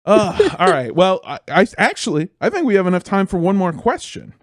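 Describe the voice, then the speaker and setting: A man co-hosting a comedy podcast with a slightly high voice. He jokes, swears freely and reads listener letters aloud with lively emphasis. The sound is close and dry. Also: brisk, no echo. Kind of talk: casual comedic podcast chat.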